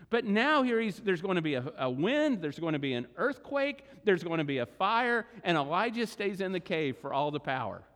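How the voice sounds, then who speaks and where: A male pastor delivering a sermon, expressive and animated, acting out the words of scripture figures in a church sanctuary. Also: sits high. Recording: long reverb of a large hall.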